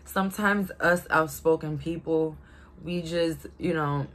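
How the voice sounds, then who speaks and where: This is a young woman, talking through a tarot reading like a chat with friends. She is outspoken and quick to laugh, and her voice sits a little low. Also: steady tone, fairly bright tone. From Brooklyn, New York. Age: 20s. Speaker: tarot reader. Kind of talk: casual tarot reading to viewers.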